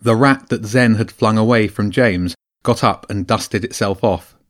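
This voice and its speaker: A man narrating a children's adventure audiobook with a lively, expressive reading. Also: fairly low pitch, a little slow. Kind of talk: storybook narration.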